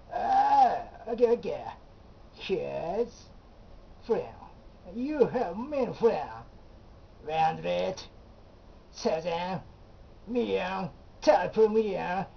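A woman trading slow, teasing banter in simple broken English before a song. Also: medium pitch, creaky, a little hiss or hum. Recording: dull lo-fi recording with guitar music. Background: quiet plucked guitar.

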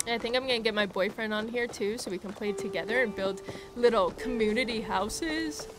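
An excitable woman commenting on her game as she plays, quick to gasp and exclaim. Her voice sits fairly high, and the game's music is clearly heard behind her. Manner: bubbly and excitable, with frequent gasps and exclamations. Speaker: gaming video creator. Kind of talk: let's play commentary.

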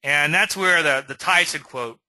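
This trading educator and show host speaks unhurriedly in a slightly high, sharp voice. He runs an informal lecture that rambles through casual asides, often pausing to ask "okay?" The rough recording has no echo.

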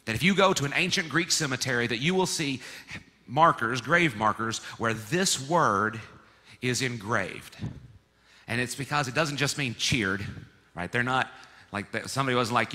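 Man, pastor, sermon, bright forceful voice, playful teaching, long church reverb. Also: mid-range voice, moderate pace. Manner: lively, playful teaching, leads congregation in repeating words. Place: church sanctuary.

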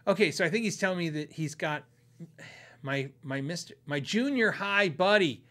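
A man's voice: fairly high pitch, lively intonation, moderate pace, a bit bright. A man hosting a podcast, telling stories in a rambling, casual way and chuckling often. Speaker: podcast host.

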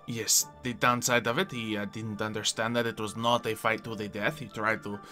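A man's voice: on the low side, little pitch movement, pushed and bright, faint music behind. A man playing his character in a Minecraft roleplay, speaking formally and measuredly. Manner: formal, measured, often addresses the other by name. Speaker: roleplay player.

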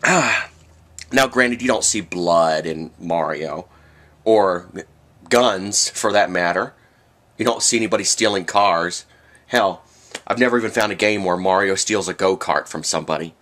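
A man's voice: lowish voice, lively intonation, a little slow, long pauses, a bit bright. A man delivering a rambling, sarcastic rant to camera, with sudden outbursts. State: has the hiccups. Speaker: vlogger. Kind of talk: ranting monologue.

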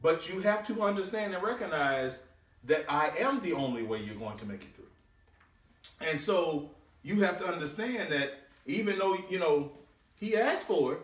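A man, a deacon, preaching a sermon with drawn-out scripture readings and swooping pitch. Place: church sanctuary. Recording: echoey church room, mic at a distance.

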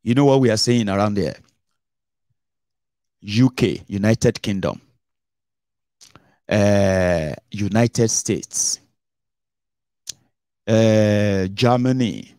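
A middle-aged Nigerian man hosts a casual political commentary show, speaking animatedly in English mixed with Pidgin, his pitch swinging dramatically. The recording is dry and studio quality.

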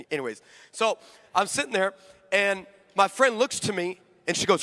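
A male preacher telling a comic story in a sermon, animated and joking, acting out both sides of conversations before a live congregation. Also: very high-pitched, normal speed. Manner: animated, joking, acts out dialogue. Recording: long hall reverb.

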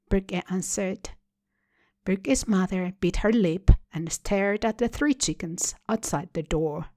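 A woman reads a literary short story aloud in a slow, measured way. The sound is dry and close, with no room around her voice. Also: mid-range voice, a little mellow, no echo. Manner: measured, deliberate reading. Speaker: story reader. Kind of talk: literary reading.

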